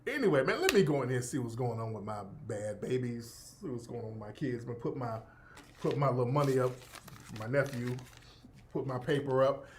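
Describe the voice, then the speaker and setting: A man's voice: mid-range voice, expressive, normal speed, long pauses, a little hiss or hum. Rambling, profane male show host. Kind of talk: casual livestream commentary.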